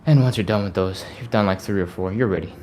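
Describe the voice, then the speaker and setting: A man's voice: deep voice, quick pace, a little mellow, slight background noise. A man leading a live stretching workout, chatty and upbeat, sighing and laughing between cues. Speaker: stretching coach.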